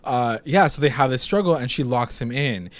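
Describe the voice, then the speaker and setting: A man's voice: medium pitch, normal speed. A man co-hosting a TV recap, chatting casually, swearing a lot and acting out the characters' lines. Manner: animated, swears a lot, acts out character quotes. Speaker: recap show co-host.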